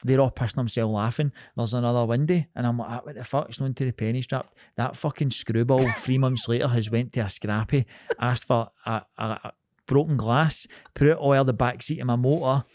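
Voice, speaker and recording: A man's voice: medium pitch, brisk, dry recording, studio quality. A man in his thirties with a Scottish accent, co-hosting a podcast and telling a story in casual, sweary chat, laughing as he goes. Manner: lively, sweary, laughs through his stories. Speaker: podcast co-host.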